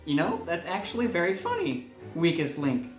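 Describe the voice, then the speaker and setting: A man's voice: high voice, huge pitch swings, moderate pace, reverberant, soft background music. A man playing Andrew, a goofy joke-telling ghost. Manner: giggles at his own corny jokes. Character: joke-telling male ghost who once scared villages.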